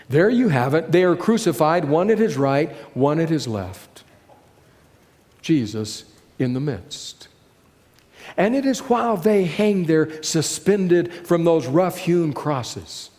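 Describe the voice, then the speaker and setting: A man preaching a sermon, reading and retelling scripture dramatically and slowing down to go soft on key phrases. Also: on the high side, in a large hall.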